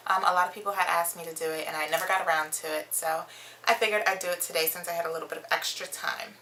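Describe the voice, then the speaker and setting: A woman's voice: lowish voice, fairly even intonation, very fast, bright, forceful tone, a little hiss or hum, poor audio. A young woman chatting to camera as a mom vlogger, reading questions from her phone with lots of ums. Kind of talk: casual chat to camera.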